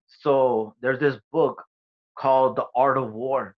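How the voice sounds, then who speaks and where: A man in a relaxed interview tells his own story in loose, profane street talk. He drops in the lines other people said as he goes. The recording is a bit dull and lo-fi, and his voice sits in a middle register. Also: medium pitch, slow pace. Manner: swearing, streetwise storytelling with quoted dialogue. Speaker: interview guest, comedian.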